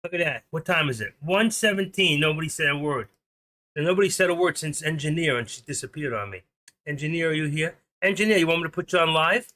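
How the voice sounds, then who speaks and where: Chatty older man with a bright voice. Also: on the high side, fast. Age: 60s. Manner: chatty, opinionated, jumps between stories and market numbers. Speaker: live stream host. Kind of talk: rambling live-stream chat.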